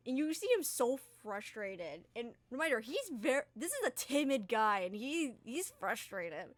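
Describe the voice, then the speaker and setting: A young woman game master narrates a tabletop game at an easy, slow pace. She talks loosely, laughs easily and swears in passing. Her slightly high voice is recorded dry and close. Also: animated, no echo.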